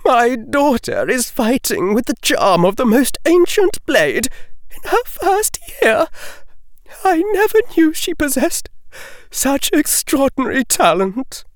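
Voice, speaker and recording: A man voicing an aristocratic noblewoman whose refined voice sounds high and unsteady. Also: big pitch swings, slow, no room sound, studio quality, heavily acted. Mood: astonished.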